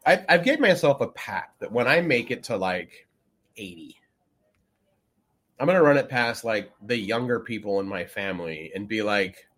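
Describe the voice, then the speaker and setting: A man co-hosting a casual podcast, talking in a loose, rambling way. He pads his sentences with fillers and slips into little acted-out quotes. His voice sits at an ordinary middle pitch. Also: very animated, normal speed, a bit bright. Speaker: podcast co-host. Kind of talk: casual chat.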